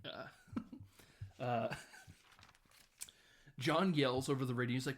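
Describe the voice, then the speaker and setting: A man hosting a film podcast, talking through scenes with loose, chatty rambling. He chuckles a lot and slips into quick impressions. His voice sits at a middling pitch. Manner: rambling, chuckling, lots of fillers. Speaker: podcast host. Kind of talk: casual film recap.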